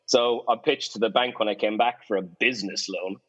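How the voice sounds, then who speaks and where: An Irish man, a guest on a podcast, telling stories in a casual, lively way and acting out the voices of people he quotes. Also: on the low side, a little fast, slightly rough, lo-fi sound. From Ireland. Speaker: guest, sailing photographer.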